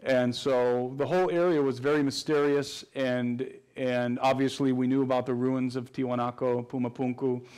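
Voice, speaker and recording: A man's voice: medium pitch, level tone, moderate pace, hardly any pauses, darkish tone, smooth. A man answering interview questions at length in an earnest, explanatory way, often restarting his phrases. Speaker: guest researcher.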